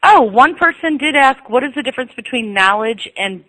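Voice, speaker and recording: Bright-voiced woman moderating a webinar. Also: sits high, lively intonation, normal speed, poor audio. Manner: polite, hesitant with fillers. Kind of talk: moderating questions.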